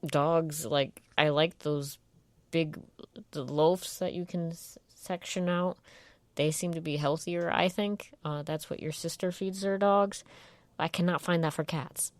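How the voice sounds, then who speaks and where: A woman with a very low voice chats as a show co-host. She talks loosely and wryly, letting sentences trail off. The recording is dry and close. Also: steady tone, a little slow, no echo. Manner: chatty, wry, trails off mid-thought. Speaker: podcast co-host. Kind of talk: casual chat.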